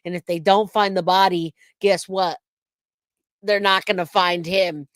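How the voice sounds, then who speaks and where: Woman host, lowish voice, animated crime-stream commentary, dry close mic. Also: measured pace, dry recording. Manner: animated, talks to chat viewers by name. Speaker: true crime livestream host. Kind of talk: casual livestream commentary.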